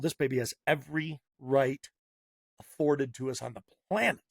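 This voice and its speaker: Male podcast host, gravelly voice, mid pitch, punchy sarcastic monologue. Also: normal speed, dry recording, clean studio sound. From Massachusetts. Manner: heated, sarcastic, punchy repetition.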